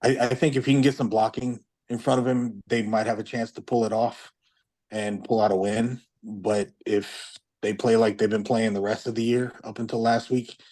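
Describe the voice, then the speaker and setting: A man co-hosting a casual sports talk show, deliberate, often stumbling over his first words. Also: on the low side, level tone, a little mellow, rough recording. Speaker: co-host.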